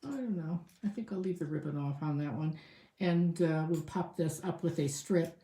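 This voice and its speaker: A woman with a fairly low voice walks through a craft project in a relaxed tutorial. She chats and thinks aloud as she works, and her voice carries some echo from the room. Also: moderate pace, background noise. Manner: chatty, thinking aloud with fillers. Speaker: crafting demonstrator.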